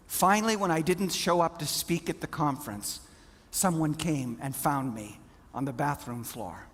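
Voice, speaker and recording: A man giving a storytelling keynote to a conference audience, dramatic, swinging from whispers to loud bursts. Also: fairly high pitch, normal speed, husky, big-room sound. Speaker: motivational keynote speaker.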